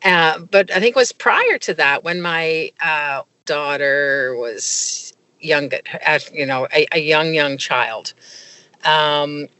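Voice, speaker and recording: A woman's voice: deep voice, slow, pushed and bright, smooth. A middle-aged woman, a guest in an interview, telling a personal story with many fillers and restarts. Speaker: guest, medical consultant.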